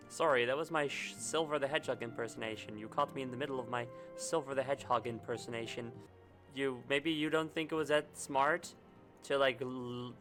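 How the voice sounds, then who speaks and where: A man's voice: medium pitch, a bit bright. A man streaming a video game, chatting jokily and profanely over the story. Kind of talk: casual gameplay commentary.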